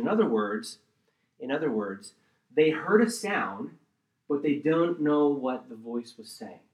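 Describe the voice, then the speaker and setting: A man preaching a sermon and teaching from the Bible, swinging between loud emphatic bursts and quiet asides and often checking in with his listeners. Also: a little high. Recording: roomy echo.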